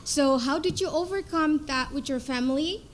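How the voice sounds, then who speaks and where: A young adult woman asking a quick, earnest, slightly hesitant question from the audience. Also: high voice, a little hiss or hum. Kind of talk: question from the floor.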